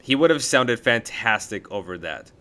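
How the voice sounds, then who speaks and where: A man's voice: mid-range voice, animated, moderate pace, fairly bright tone. A man co-hosting a casual music podcast, talking enthusiastically about an album he loves. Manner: enthusiastic, gushing. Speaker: podcast co-host. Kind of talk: casual album review chat.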